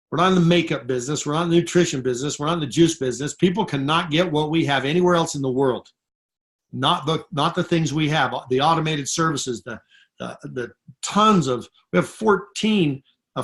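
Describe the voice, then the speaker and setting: A man's voice: fairly high pitch, fairly bright tone. A man on a conference call giving an emphatic, repetitive motivational pep talk to network marketing distributors. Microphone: phone call.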